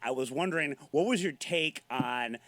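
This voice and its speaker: A man's voice: mid-range voice, a bit bright, no room sound. A man hosting a casual morning talk show in a studio, joking and rambling between questions. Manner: joking, rambling, quick asides. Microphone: studio mic.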